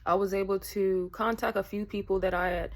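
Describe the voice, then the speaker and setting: A woman's voice: mid-range voice, fairly even intonation, a little fast. A woman vlogger telling a personal story in a casual, rambling way, full of fillers. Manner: chatty, rambling, many fillers.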